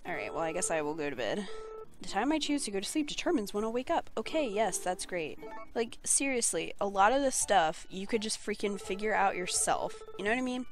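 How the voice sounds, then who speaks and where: A woman's voice: mid-range voice, expressive, normal speed, faint music behind. A young woman giving casual, sarcastic and blunt let's play commentary.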